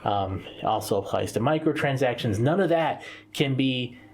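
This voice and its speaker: A man's voice: medium pitch, normal speed. A man co-hosting a casual gaming podcast, talking emphatically with fillers like "you know". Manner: animated, emphatic, with filler words. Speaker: podcast co-host. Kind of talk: casual chat about video games.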